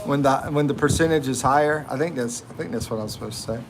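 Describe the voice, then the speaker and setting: A man's voice: medium pitch, very noisy. An American man hosting a casual livestream, chatting and laughing while reading out viewer comments. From United States. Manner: slow, laughing, chatty, drawn-out. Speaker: livestream host. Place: living in the Philippines.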